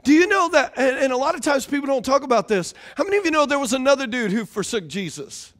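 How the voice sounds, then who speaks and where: High-voiced man preaching animatedly. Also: fast. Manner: conversational, animated preaching with repeated phrases. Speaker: pastor. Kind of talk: sermon.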